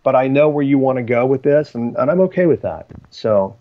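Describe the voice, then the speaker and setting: A man's voice: mid-range voice, animated, fairly quick. A man, a podcast guest, telling personal stories in a rambling way with frequent ums and restarts. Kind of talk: storytelling in conversation. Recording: slightly dull lo-fi audio.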